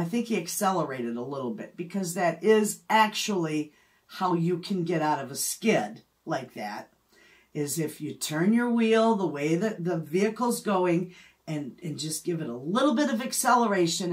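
A woman's voice: deep voice, expressive, normal speed. A middle-aged woman, chatting casually as a homestead vlogger and telling a story with frequent laughs. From Michigan, USA. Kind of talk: casual chat.

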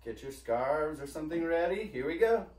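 A man teaching a virtual music class for preschool children, gentle and encouraging, leading call-and-repeat. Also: on the high side, animated, normal speed, far from the mic. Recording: roomy echo, off-mic, loud music.

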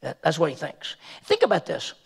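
A male pastor preaching a sermon in a conversational way, with emphatic rises and soft asides. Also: a little high, huge pitch swings, a little fast, vocal fry, slightly rough.

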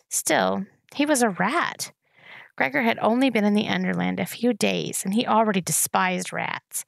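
Female audiobook reader, steady storytelling, heavy vocal fry, mid pitch. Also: normal speed, no echo. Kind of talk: reading a novel aloud.

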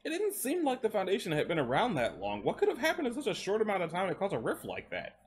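A man's voice: high-pitched, huge pitch swings, fast talker, slight background noise, voice pushed up. A man reading aloud and voicing an eager, curious young man who keeps pressing questions in a raised voice.

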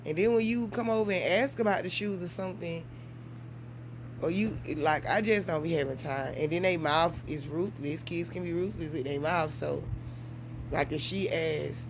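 Mom vlogger, woman, talks straight to camera in loose, animated storytelling. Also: moderate pace, background noise. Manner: animated storytelling with big swings in pitch and volume. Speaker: mother and vlogger. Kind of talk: casual vlog chat.

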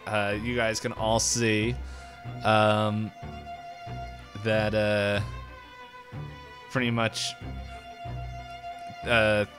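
A man running a tabletop horror game as game master, laid-back and laughing often. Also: fairly low pitch.

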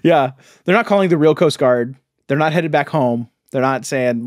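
A man's voice: fairly high pitch, normal speed, no echo, clean studio sound. A man co-hosting a casual comic podcast chat, who laughs often and talks in a mocking, incredulous way. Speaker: podcast co-host.

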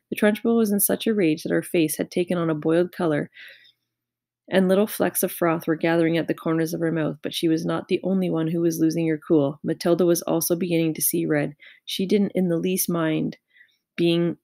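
Gravelly-voiced woman narrating a storybook. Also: fairly low pitch, steady tone, brisk, mellow, dry recording, clean studio sound. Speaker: audiobook reader. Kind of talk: children's book narration.

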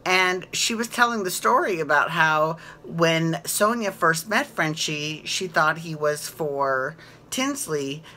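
A woman's voice: sits low, expressive, takes it slowly, sharp tone. A woman hosting a casual recap chat, gushing and giggling, often repeating herself. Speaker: podcast host.

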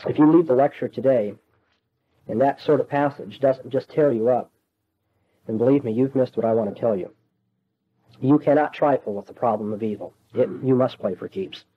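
A man's voice: mid-range voice, moderate pace, slightly rough, dry recording. A man giving a classroom lecture, earnest and emphatic, pressing his points insistently. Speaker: lecturer on apologetics. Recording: dull lo-fi lecture recording.

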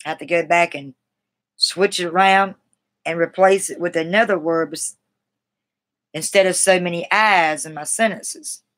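A woman with a lowish, somewhat bright voice reads from a grammar book on her live stream. Her delivery is halting, with restarted words, and she makes chatty, self-deprecating asides to viewers.

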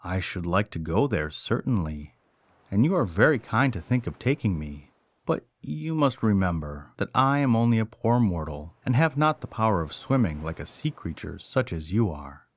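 A man's voice: lowish voice, sing-song, moderate pace, no echo. A man voicing a humble, kind-hearted young fisherman who speaks modestly and earnestly.

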